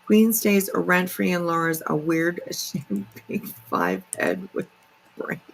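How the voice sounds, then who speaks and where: A woman's voice: lowish voice, sing-song, slow, vocal fry, a little hiss or hum, low-quality recording. A woman hosting a casual livestream, chatty and filler-heavy, greeting viewers by name. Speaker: livestream commentary host.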